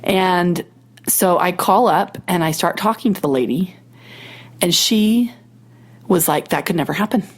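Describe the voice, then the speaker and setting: A woman's voice: fairly low pitch, slow pace, long pauses. A middle-aged woman hosting a podcast, telling a personal story in casual chat with quoted dialogue and self-mocking asides, getting over a cold. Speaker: podcast host.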